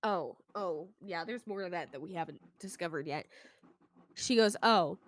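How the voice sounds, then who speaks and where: A woman's voice: on the low side, normal speed. A woman streamer in casual chat, reading a book's dialogue aloud and chatting about it. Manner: chatty, laughing, narrates dialogue tags.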